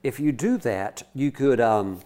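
A male preacher tells a story in a lively, conversational way and keeps restarting his sentences. His voice sits at an ordinary pitch for a man. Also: measured pace. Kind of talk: sermon.

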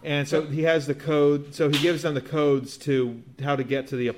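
A man's voice: on the high side, flat delivery, moderate pace, noisy background. A man co-hosting a casual movie podcast, recapping the plot step by step with dry little jokes. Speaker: podcast co-host.

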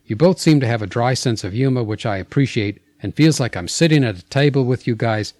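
A man's voice: medium pitch, expressive, brisk, a little mellow, dry recording, lightly acted. A man reading a fan letter in a hammy mock Australian accent, voicing an outback man who drives long hours. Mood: earnest. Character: rough-voiced Australian outback man, long-haul commuter.

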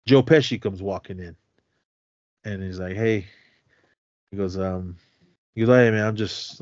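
A man with a slightly low voice walks through a film's story in a loose, rambling podcast chat, acting out each line with "he goes." The sound is dry and a bit dull and lo-fi, with no room around it. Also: darkish tone, no room sound. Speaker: podcast co-host. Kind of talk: casual film recap.

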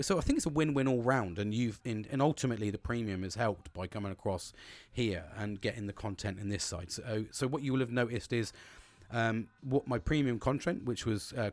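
A man's voice: mid-range voice, no room sound. Rambling, candid man, dry sound. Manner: rambling and candid, heavy swearing, many restarts. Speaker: podcast host. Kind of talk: casual solo podcast monologue. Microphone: own podcast microphone.

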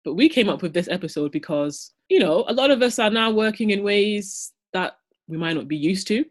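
A young woman co-hosting a casual podcast from home in London over a video call, chatty and quick to giggle. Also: medium pitch, lively intonation. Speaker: podcast co-host.

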